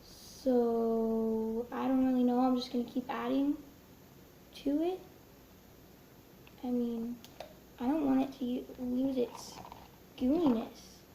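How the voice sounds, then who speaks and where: Young female vlogger, high and mellow, nervous chatter, roomy echo. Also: fairly even intonation, slow pace, pauses often. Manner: chatty, nervous, drops into whispers. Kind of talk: casual slime-making vlog. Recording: echoey room with faint noise.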